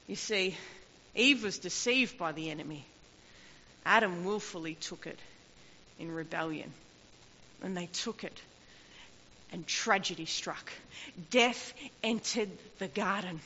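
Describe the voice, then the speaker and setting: A woman's voice: on the low side, a little slow, long pauses, bright, forceful tone. Woman preaching in an echoing hall. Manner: impassioned, rising and falling emphasis. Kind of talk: sermon. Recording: long hall reverb, dull lo-fi sound.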